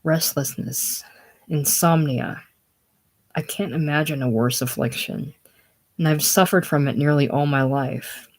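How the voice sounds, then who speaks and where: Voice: medium pitch, fairly even intonation, unhurried. A reader voicing a sickly, brooding older man. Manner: theatrical, brooding, self-pitying. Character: ailing older man, consumptive, grandiose and lonely. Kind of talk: casual play reading.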